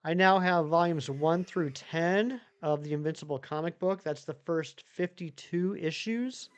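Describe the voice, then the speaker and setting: Male streamer, casual chat with viewers, rambling, slightly higher voice. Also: a little slow, clear, resonant tone. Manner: rambling, many fillers and restarts. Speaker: live streamer.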